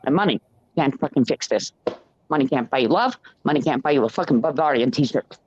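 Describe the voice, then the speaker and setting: A man's voice: medium pitch, fairly quick, slight background noise. A man ranting in a rambling, profane stream of consciousness, sometimes slipping into sing-song chanting. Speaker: ranting monologuist. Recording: dull lo-fi dry recording.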